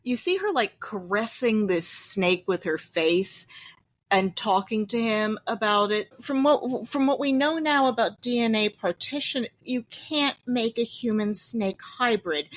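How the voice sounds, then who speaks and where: A woman co-hosting a film podcast, giving a wry, explanatory review in casual chat. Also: mid-range voice. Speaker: podcast co-host.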